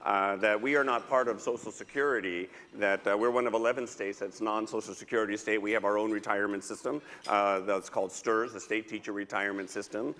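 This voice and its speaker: A man's voice: on the low side, fairly even intonation, fairly quick, few pauses, fairly bright tone. A man on a conference panel answering a question, explaining steadily with frequent uhs. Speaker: panelist, teachers' union leader. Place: conference hall. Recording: reverberant hall.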